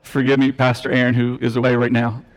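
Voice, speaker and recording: A man's voice: medium pitch, monotone, fast talker. Man preaching in a reverberant church. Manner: teaching, emphatic, with self-deprecating asides. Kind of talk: sermon. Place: church sanctuary. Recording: long reverb of a church hall.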